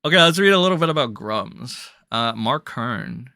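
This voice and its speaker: A man's voice: mid-range voice, animated, moderate pace, no echo, studio quality. A young man ranting bluntly and crudely as a drama commentary streamer on a livestream. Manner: blunt, crude, ranting with sudden loud jumps.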